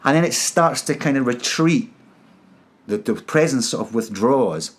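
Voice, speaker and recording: A man's voice: medium pitch, animated, unhurried. A man telling his personal story in an interview, earnest and emotional, often stopping to repeat and restart his words. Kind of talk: personal testimony.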